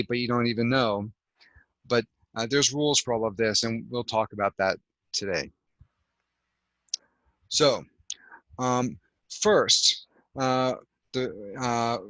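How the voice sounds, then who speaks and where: A man's voice: mid-range voice, a bit bright, no echo, poor audio. A man teaching an English grammar lesson over a video call, explaining patiently step by step with lots of fillers. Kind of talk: online language lesson.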